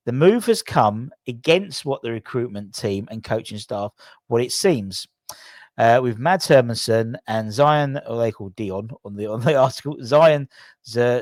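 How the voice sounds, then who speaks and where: A man's voice: medium pitch, no room sound. A man hosting a fan news channel, rambling and correcting himself as he thinks aloud. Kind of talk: casual news vlog.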